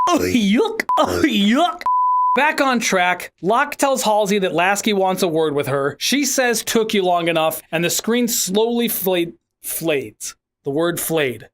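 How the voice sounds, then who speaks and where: A man's voice: sits high, a bit bright. A man giving a profane, sarcastic, self-mocking commentary on a video game, with blooper outtakes.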